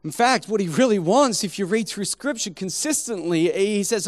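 A man preaching a sermon, telling a story in an animated, humorous, conversational way. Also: high voice, moderate pace, few pauses.

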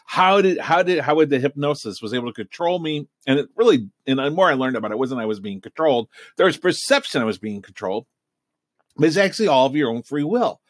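A man's voice: mid-range voice, animated, fast talker, no echo. Middle-aged male storyteller, casual and rambling, mid-range voice, dry recording. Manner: rambling, many fillers and restarts. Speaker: hypnotist and podcast host.

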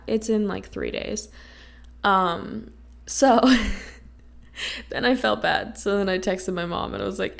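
A young woman from Canada hosting a casual solo podcast, rambling and chatty, her voice raspy from a coming cold. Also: medium pitch, takes it slowly, long pauses. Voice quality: gravelly. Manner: chatty, rambling with many fillers. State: getting sick, raspy voice. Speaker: podcast host. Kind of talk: casual chat.

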